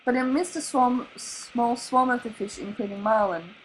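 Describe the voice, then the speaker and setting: A woman with an Australian accent reading a children's novel aloud in an animated, expressive way. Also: fairly high pitch, moderate pace, low-quality recording. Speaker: storybook reader.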